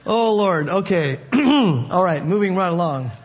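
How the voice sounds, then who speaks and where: A man with a very high voice preaches at a slow, drawn-out pace. His pitch swings widely as he tells a story and laughs himself to tears. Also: lively intonation. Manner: laughing hard between lines, storytelling with mimicked voices. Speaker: pastor. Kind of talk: sermon.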